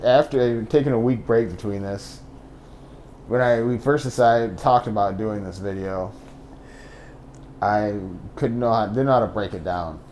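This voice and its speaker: Low-voiced man hosting a casual chat. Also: measured pace, slight background noise. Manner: relaxed, joking asides and short affirmations. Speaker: podcast host.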